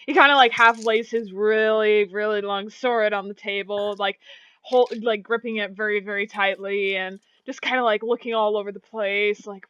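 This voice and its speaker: A woman's voice: medium pitch, steady tone, moderate pace, a bit bright, clean tone. A woman running a tabletop game as game master. She narrates hesitantly and fills gaps with "kinda, like.". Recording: dull lo-fi mic.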